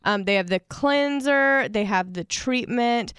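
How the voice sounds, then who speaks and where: Young woman, podcast co-host, smooth clear voice, dry sound, casual chatty delivery. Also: on the high side, a little slow, a bit bright, dry recording. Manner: chatty, frequent "um" fillers. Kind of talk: casual podcast chat with ad read.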